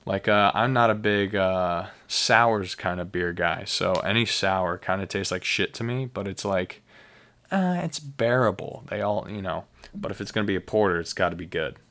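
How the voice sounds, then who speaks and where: Rambling low-voiced man reviewing beer. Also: steady tone, moderate pace, fairly bright tone. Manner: rambling, enthusiastic, lots of fillers and restarts. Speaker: podcast host. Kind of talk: casual solo podcast, beer review.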